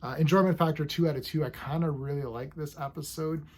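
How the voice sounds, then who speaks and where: A man's voice: on the high side, steady tone, quick pace. A man casually reviewing a TV episode, rambling enthusiastically and acting out scenes as he goes.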